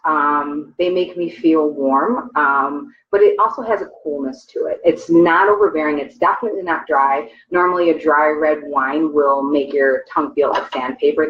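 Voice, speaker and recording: A woman co-hosting a casual wine tasting livestream at home, talking in a chatty, descriptive way with many "um"s. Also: deep voice. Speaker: co-host, mother. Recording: echoey room, dull lo-fi sound.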